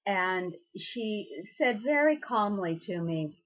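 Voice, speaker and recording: Slow, husky-voiced priestess. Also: female voice, mid-range voice, expressive, dull audio. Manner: earnest, encouraging, speaks straight to listeners; loose and unscripted, with many ums and uhs. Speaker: presiding priestess of a goddess temple. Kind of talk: inspirational recorded message.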